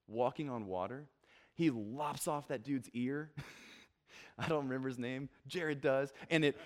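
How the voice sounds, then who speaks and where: A young male pastor delivers a relaxed, conversational sermon at an even mid-range pitch. He slips into quoted voices and jokes at his own expense as he goes. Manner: conversational, self-deprecating, acts out quotes. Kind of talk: casual sermon.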